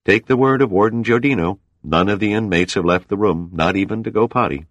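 A man's voice: lowish voice, brisk, fairly bright tone, no room sound, dull audio, pitched above the performer's own voice. A man voicing a blunt, sarcastic male salvage crewman in an audiobook. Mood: sardonic.

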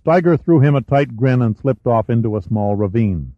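Male narrator, mid-pitched, steady thriller read, close dry booth. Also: normal speed, no echo. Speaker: audiobook narrator. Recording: dry, slightly muffled studio recording.

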